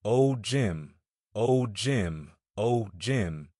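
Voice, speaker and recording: A man's voice: lowish voice, lively intonation, drawn-out words, darkish tone, dry recording, clean studio sound, heavily acted. A man playing a stammering young recruit. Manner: stammering, hysterical. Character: panicky naive young male recruit.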